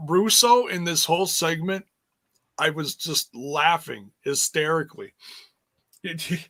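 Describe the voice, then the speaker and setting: A man's voice: fairly high pitch, a little slow, pushed and bright. A man co-hosting a casual wrestling review show, laid-back and laughing as he retells moments. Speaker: podcast co-host.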